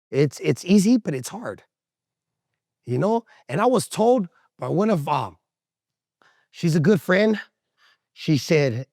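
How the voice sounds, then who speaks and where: Animated, gravelly man talking candidly. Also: on the high side, no room sound, clean studio sound. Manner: rambling, profane, streetwise slang; animated, laughs often. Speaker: interviewee. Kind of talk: candid casual talk.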